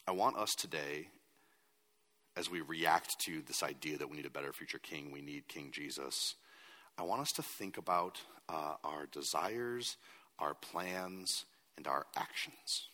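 A man's voice: rumbling low, measured pace, bright, forceful tone, long reverb tail. A man preaching a sermon as a pastor, earnest and at times emphatic.

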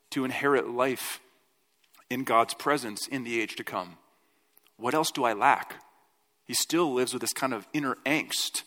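A man preaches in a loose, conversational way, slipping into quoted voices and circling back on his own sentences. His voice sits at an ordinary middle pitch. The sound carries the long reverb of a church hall. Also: moderate pace. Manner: conversational, animated quoting, frequent "like" and restarts. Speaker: pastor. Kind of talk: sermon.

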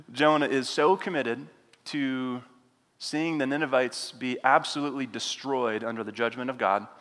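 Guy preaching a bible passage, bright voice, big echoey church hall. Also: mid-range voice. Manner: animated retelling with voiced asides. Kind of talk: expository sermon. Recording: long hall reverb.

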